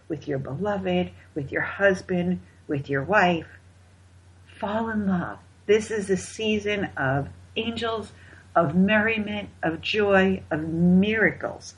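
A woman host giving motivational holiday advice, emphatic and repeating her key points, with a husky voice. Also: mid-range voice, a bit bright. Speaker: wellness host. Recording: dull lo-fi recording.

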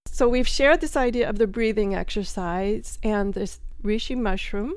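A woman's voice: medium pitch, normal speed, smooth, no room sound. A woman hosting a conversation, asking reflective questions. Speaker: host. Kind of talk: conversational interview.

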